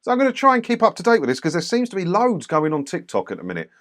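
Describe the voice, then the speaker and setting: A man's voice: sits high, huge pitch swings, very fast, a bit bright. A man casually commenting on doorstep clips for his channel, blunt and mocking. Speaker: YouTube commentator reviewing clips.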